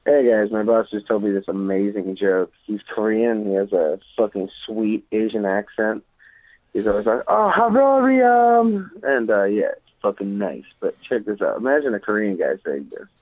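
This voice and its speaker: Guy with a lowish voice telling a dirty joke on a voicemail, phone sound. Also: moderate pace, hardly any pauses, no echo. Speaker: caller. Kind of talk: phone message. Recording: tinny phone line.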